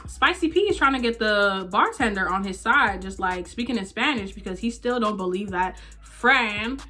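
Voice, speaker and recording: A young woman casually telling a story to her vlog audience, animated, acting out the people in it. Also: medium pitch, moderate pace, soft background music. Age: young adult. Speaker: vlogger.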